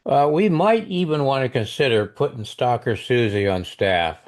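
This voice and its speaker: A man's voice: medium pitch, lively intonation, darkish tone. Guy cohost tossing in teasing one-liners, voice bounces up n down a lot. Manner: teasing, quick quips. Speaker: podcast co-host and editor. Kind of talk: casual podcast chat.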